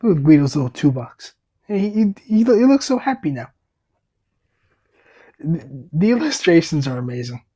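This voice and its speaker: Mellow-voiced young man reading a storybook. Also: a little high, big pitch swings, normal speed, long pauses, husky. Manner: enthusiastic, stammering restarts, laughs. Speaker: storybook reader, channel host. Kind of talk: reading a picture book aloud with asides.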